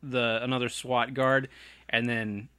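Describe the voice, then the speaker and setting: A man in a casual movie chat, retelling scenes in an animated way and laughing often. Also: medium pitch, unhurried, smooth, dry recording.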